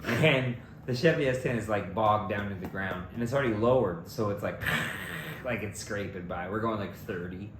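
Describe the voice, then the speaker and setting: A man's voice: on the low side, normal speed, few pauses. Podcast guy cracking jokes and cussing, roomy echo, noisy background. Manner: joking, swearing, laughs a lot. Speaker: podcast co-host. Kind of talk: casual chat. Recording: echoey room with clear background noise.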